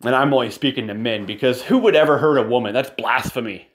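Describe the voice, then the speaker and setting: A man's voice: medium pitch, fast talker, a little hiss or hum. Rambling man talking to camera at home. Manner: rambling and meandering, often apologizing; profane and ranting at times. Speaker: father filming a video message. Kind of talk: rambling casual home video. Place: indoors at home, in a room with a nightlight.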